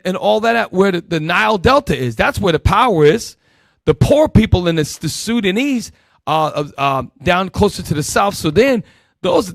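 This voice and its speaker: A man preaching a Bible lesson with a fairly high voice, pushing hard on key points and then dropping low for asides. He calls out verses and directs his helpers as he teaches. The sound is dry and close, with no room around it. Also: no room sound. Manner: emphatic, swinging between loud bursts and low asides. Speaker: Bible teacher leading the class. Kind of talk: street-style Bible teaching sermon.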